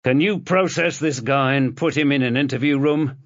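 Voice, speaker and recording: A man's voice: medium pitch, moderate pace, dry recording, dull audio, voice pushed up, close to an everyday voice. A man voicing a weary, stubborn male police detective who speaks tersely and dryly.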